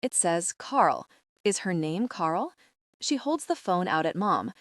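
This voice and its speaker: A woman narrating a young adult audiobook in the first person, steady and even. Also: fairly low pitch, takes it slowly, no echo, studio quality.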